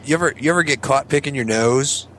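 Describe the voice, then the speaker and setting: A man's voice: medium pitch, fast, bright, forceful tone, slight background noise. A young man in casual crude chat, telling rambling stories and laughing at himself. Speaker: show regular.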